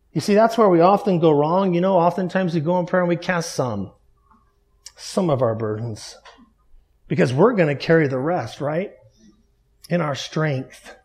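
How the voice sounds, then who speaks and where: A man preaching a sermon, emphatic, repeating key phrases and dropping softly low for stress. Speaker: pastor.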